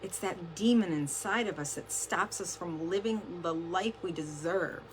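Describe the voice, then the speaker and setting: A woman's voice: fairly low pitch, a little slow, slight background noise. A woman giving a casual motivational talk to her team on a livestream, chatty and peppered with "like" and the odd swear word. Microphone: camera close up, adjusted during stream.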